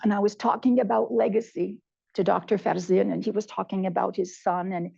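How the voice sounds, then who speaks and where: A woman's voice: mid-range voice, steady tone, brisk, vocal fry, mellow, husky, dull audio. A woman in her seventies giving a heartfelt personal talk, repeating words for emphasis. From Canada. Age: 70s. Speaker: conference speaker.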